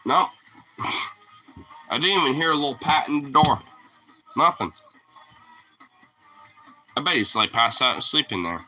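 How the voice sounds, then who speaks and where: A man's voice: mid-range voice, animated, a little slow, pauses often, bright, forceful tone, soft background music, poor audio. A man ranting casually as a vlogger, rambling and profane, often laughing at his own points. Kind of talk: casual rant to camera.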